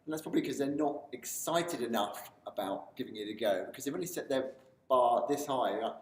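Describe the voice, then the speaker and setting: Speaking a little fast at a medium pitch, a man delivers an enthusiastic motivational talk to camera for a video series, his excitement building as he goes. The sound is roomy, picked up from a distance.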